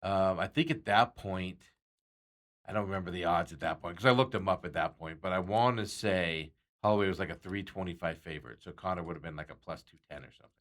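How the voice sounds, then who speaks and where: A man's voice: deep voice, fast, a bit bright. A man hosting a sports talk show, chatting casually and rambling with frequent chuckles.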